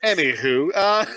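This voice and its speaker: A man co-hosting a casual movie podcast, rambling and laughing as he cracks crude jokes. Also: high-pitched. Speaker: podcast co-host.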